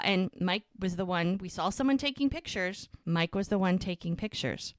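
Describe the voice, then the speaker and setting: A woman's voice: on the low side, expressive, moderate pace, hardly any pauses, no echo, studio quality. A woman co-hosting a podcast, casually recapping episodes and acting out the characters' lines. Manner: retells scenes, acting out lines with "he goes". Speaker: podcast co-host.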